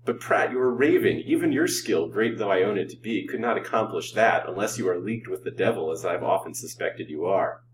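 A volatile rich gentleman from a storybook reading, bitter and easily inflamed, as a male narrator puts him on. His voice jumps upward when agitated and stays raised. The mic is set back, with a faint hum under it. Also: sits low, a little fast, hardly any pauses, recorded from a distance, lightly acted, low-quality recording. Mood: excited. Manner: agitated, outbursts of passion.

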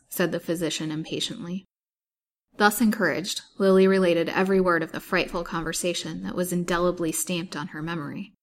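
A woman with a slightly low voice reads a serialized novel aloud as a storyteller. Her narration is steady and even. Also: a little fast.

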